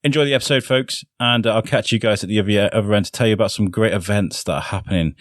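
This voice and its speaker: A low-voiced man opens his podcast in a loose, rambling way, full of "um"s and little jokes at his own expense. The sound is dry and close, with almost no room around it. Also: fast, dry recording. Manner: chatty and self-deprecating, lots of fillers. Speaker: podcast host. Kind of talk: casual solo podcast intro.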